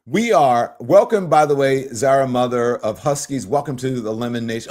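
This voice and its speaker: A man from Louisiana with a softened Southern accent, hosting a livestream and reading viewer comments in an animated, emphatic way. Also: normal speed. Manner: animated, swooping pitch, emphatic. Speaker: show host.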